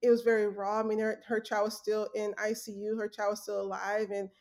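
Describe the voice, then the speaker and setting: A woman's voice: mid-range voice, little pitch movement, a little fast, darkish tone. Earnest woman telling a story. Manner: earnest, storytelling, many fillers and restarts. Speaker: guest, former journalist. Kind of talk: casual interview conversation.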